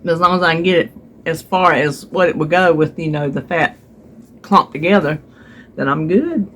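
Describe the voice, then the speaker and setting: Woman vlogger, chatty, animated storyteller, phone recording at home, faint background hiss. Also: sits low, moderate pace. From North Carolina. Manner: chatty, animated retelling with voiced quotes. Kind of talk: casual storytelling to viewers.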